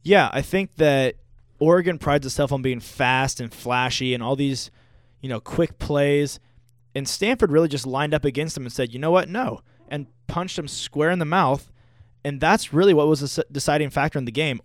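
An excitable young male co-host on live sports radio. His voice is smooth and clear, a little high, and very close to the mic in a dead, dry studio. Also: moderate pace, no room sound. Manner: excitable, gloating fan talk. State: out of breath.

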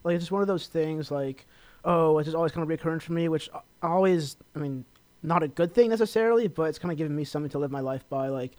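A man's voice: fairly high pitch, quick pace, darkish tone, no echo. A young man from Los Angeles hosting a college radio show, chatting casually and rambling with lots of fillers as he promotes himself. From Los Angeles, California. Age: young adult. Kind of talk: casual solo radio talk.

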